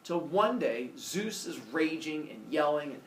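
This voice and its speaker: A man tells an old myth as a playful, comic story, his pitch swinging widely and a gravelly edge in his voice. He is a little far from the mic in an echoey room, with faint noise behind. The delivery is loose and chatty, full of fillers. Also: big pitch swings, unhurried. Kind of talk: casual comic retelling of a myth.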